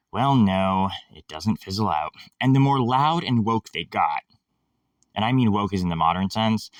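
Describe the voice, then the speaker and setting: A man's voice: fairly low pitch, a bit bright, dry recording, studio quality, far from the mic. A man hosting a casual monologue, rambling, sarcastic and irreverent, swearing freely.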